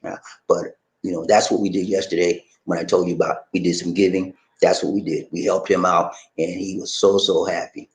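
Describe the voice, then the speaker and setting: A man's voice: low voice, flat delivery, brisk, rough recording. Folksy man hosting a live chat. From United States. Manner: folksy, repeats phrases, reads viewer comments aloud. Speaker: host of a live stream. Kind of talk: casual live chat answering viewers.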